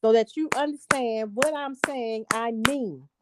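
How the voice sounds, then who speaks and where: A woman's voice: on the high side, unhurried, heavy background noise. A woman co-hosting a podcast in casual chat, making her points emphatically. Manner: emphatic, explains with repeated words. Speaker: podcast co-host.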